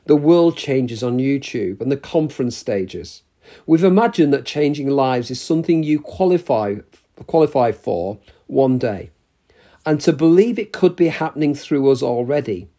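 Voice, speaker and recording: A man preaching a sermon in a church, measured and emphatic, with pauses between short phrases. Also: on the high side, warm tone.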